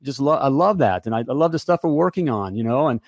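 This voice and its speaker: On his live podcast, an American host chats in a cheerful, homespun way, frequently repeating himself. His mid-range voice is animated, fast, and a little mellow, with no echo.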